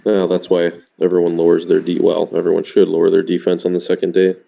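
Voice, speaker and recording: A man talking over voice chat during a game stream, chatty and quick to laugh. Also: sits low, completely flat delivery, gravelly, mellow, lo-fi sound. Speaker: guest on voice chat. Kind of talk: casual chat. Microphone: voice chat mic.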